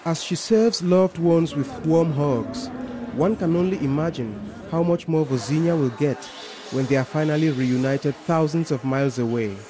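A male reporter narrating a scripted news feature in a measured storytelling manner. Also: a little high.

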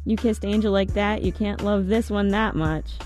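A woman's voice: mid-range voice, normal speed, a little mellow, soft background music, voice pushed up, close to an everyday voice. A woman reading the lines of a bold, provocative teenage girl in an audiobook, with a teasing, bossy manner.

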